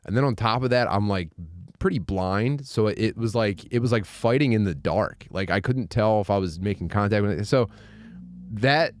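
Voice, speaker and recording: A young man with a lowish voice tells stories on a podcast with plenty of animation, mimicking the people in them as he goes. The sound is close and dry, with no room around it. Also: normal speed, no echo. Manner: animated storyteller, acts out other people's voices. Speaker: podcast host. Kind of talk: casual podcast chat.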